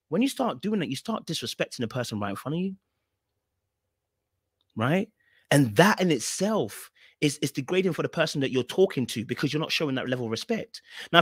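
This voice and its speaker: A man's voice: fairly bright tone, no room sound, studio quality. A male host commenting on a clip, talking straight to his chat and repeating his points. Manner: repeats phrases, talks to chat directly; mocks others in high exaggerated voices. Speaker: podcast host reacting to a clip. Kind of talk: live-stream commentary.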